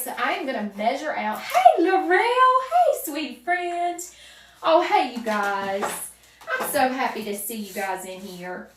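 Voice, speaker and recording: A woman with a North Carolina Southern accent hosting a live crafting stream, chatting warmly with viewers by name as she works. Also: on the high side, echoey room, distant mic, a little hiss or hum. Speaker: livestream craft host.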